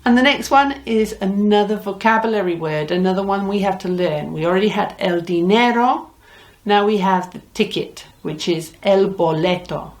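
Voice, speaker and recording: Woman teacher, slow deliberate delivery, cheerful, drills vocabulary by repetition. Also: mid-range voice. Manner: drills words slowly, repeats each one; cheerful, mixes English and Spanish. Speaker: Spanish teacher. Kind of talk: language lesson.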